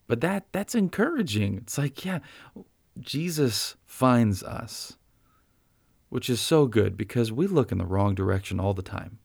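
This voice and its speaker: A man's voice: on the low side, gravelly, darkish tone, no echo, studio quality. A man preaching a sermon as a pastor, in a conversational way that keeps checking in with listeners. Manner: conversational preaching, frequent "right?".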